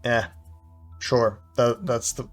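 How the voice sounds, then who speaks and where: A man of ordinary pitch thinking aloud as he plays a strategy game, unhurried and a little hesitant, often stopping on "uh" and restarting phrases. Soft game music hums in the background. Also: fairly even intonation. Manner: hesitant, fills pauses with "uh". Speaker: game commentator. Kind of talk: thinking-aloud gameplay commentary.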